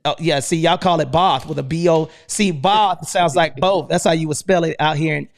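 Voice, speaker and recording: An energetic male host on a live stream, full of slang and hype, who keeps tacking "man" onto his lines. His voice sits high, with a gravelly edge. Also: a little fast. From United States.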